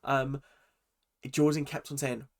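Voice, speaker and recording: Young man, casual recap vlog, chatty, exasperated, mid-pitched voice. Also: little pitch movement, slow. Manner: chatty, exasperated, many fillers and restarts. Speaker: reaction vlogger.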